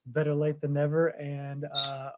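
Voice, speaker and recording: A man's voice: a little high, monotone, unhurried, heavy background noise. Rambling man telling a story. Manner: rambling storyteller, laughs often. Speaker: podcast co-host. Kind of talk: casual chat.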